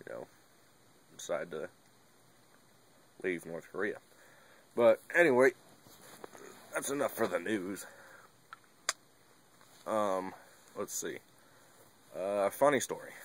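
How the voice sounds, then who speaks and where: A young man talking casually to his camera, rambling and laid-back, with lots of fillers and the odd curse word. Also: lowish voice. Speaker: vlogger. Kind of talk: casual monologue.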